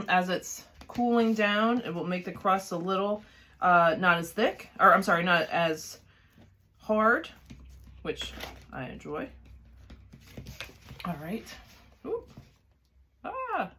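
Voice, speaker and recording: A woman's voice: mid-range voice, fairly bright tone, slight background noise. A woman chatting casually as she talks viewers through baking in her home kitchen, step by step. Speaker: home cook and channel host. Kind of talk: casual cooking demo.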